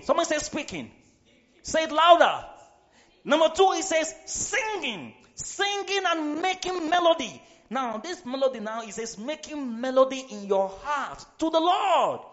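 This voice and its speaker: High-voiced emphatic male preacher. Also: big pitch swings, normal speed. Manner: emphatic, shouts and sings phrases, repeats for effect. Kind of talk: sermon. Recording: slightly dull recording with faint music behind.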